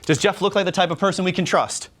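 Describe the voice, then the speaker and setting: A man giving a workshop talk at a convention. He speaks energetically and conversationally, keeps tagging his points with quick questions to the room, and shifts into showman patter when he demonstrates. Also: high-pitched, a crowd in the background. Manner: energetic, conversational, many "right?" tags.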